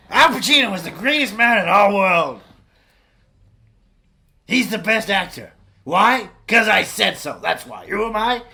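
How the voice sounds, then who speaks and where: A brash aging movie star, voiced by a man, shows off in a gravelly, shouty way. His voice sits high and bright. It leaps all over the place as he boasts. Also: animated, takes it slowly, pauses often, full character voice. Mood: boastful. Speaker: podcast co-host. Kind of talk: comedic improvised impression.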